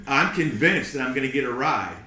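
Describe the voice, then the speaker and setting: A man's voice: mid-range voice, brisk. Man telling a story, roomy echo. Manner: animated, repeats words while telling. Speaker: podcast guest. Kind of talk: casual storytelling.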